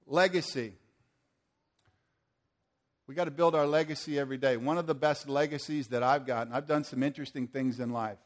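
A man's voice: medium pitch, steady tone, brisk, long pauses. An older man preaching a sermon to a church audience, earnest and asking the room questions.

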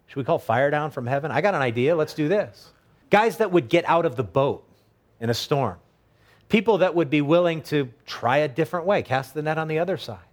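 Conversational middle-aged male preacher. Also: medium pitch. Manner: conversational preaching, acts out quoted voices. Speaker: pastor. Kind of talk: sermon.

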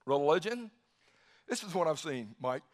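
A man preaching a sermon, swinging from quiet musing to loud bursts and repeating phrases for emphasis. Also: fairly high pitch, very animated, moderate pace. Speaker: pastor.

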